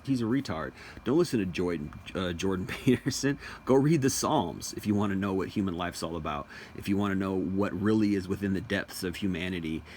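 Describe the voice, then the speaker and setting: A young man with a low, deep voice talks in a loose, opinionated monologue. He circles back on his own phrases, stumbles through restarts and hammers his points by repeating them. Faint noise sits underneath. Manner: rambling, repeats phrases, emphatic. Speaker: commentator.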